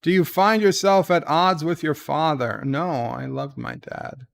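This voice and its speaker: A man hosting his show in casual chat, reading quiz questions aloud and answering with dry, deadpan humor. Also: a little slow, gravelly, dry recording. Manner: reads questions brightly, answers low and mumbled. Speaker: show host. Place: at home.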